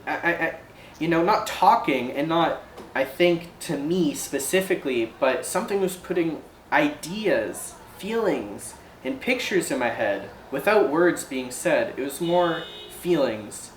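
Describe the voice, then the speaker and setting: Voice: mid-range voice, animated, a little slow, voice pushed up, natural voice. A game master voicing a kindly, flustered woman who runs a ferry, speaking hesitantly and apologetically. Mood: uneasy. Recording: roomy echo, faint background noise.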